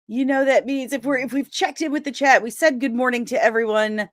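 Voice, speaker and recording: A woman's voice: high-pitched, steady tone, brisk. A young woman hosting a casual livestream, chatting and greeting viewers by name, with easy laughs. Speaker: livestream host.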